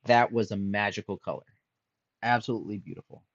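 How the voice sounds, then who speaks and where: A man chatting casually on a drawing stream, musing aloud softly as he sketches. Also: on the low side, fairly even intonation, a little fast, vocal fry, dry recording, lo-fi sound. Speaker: streamer and artist. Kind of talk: casual chat while drawing.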